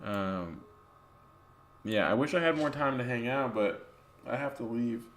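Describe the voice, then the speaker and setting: A male streamer chats in a relaxed, casual way, peppering his talk with fillers and swearing. His voice sits mid-pitch, and the room gives it a clear echo over a faint background noise. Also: measured pace. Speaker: streamer, host. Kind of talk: casual chat.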